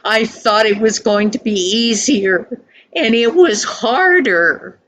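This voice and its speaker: A woman's voice: fairly high pitch, slow, fairly bright tone, slight background noise, pitched above the performer's own voice, poor audio. An older woman voicing a remorseful young boy who pleads and stammers near tears.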